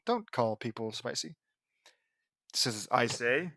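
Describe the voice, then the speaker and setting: Man, sarcastic reader, mocking asides, slightly high voice, dry sound. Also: expressive, normal speed, fairly bright tone, no room sound. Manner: sarcastic, mocking, easily exasperated. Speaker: reader of fan fiction. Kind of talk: audiobook reading with sarcastic commentary.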